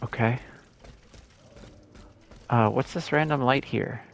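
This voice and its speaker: A man's voice: medium pitch, slow pace, vocal fry. A young man casually commenting on a game, joking and reading letters aloud. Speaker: gamer streamer.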